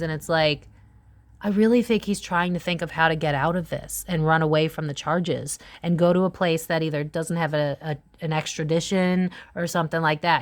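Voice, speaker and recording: A woman in her thirties giving a casual psychic tarot reading, chatty and full of fillers, her pitch swinging up and down as she talks. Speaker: tarot reader.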